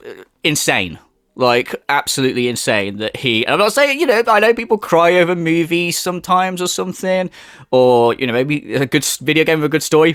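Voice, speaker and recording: A man streaming and ranting sarcastically, with plenty of swearing. His fairly high voice moves around animatedly in pitch. The sound is dry and close. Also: fairly bright tone, no room sound. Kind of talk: livestream commentary.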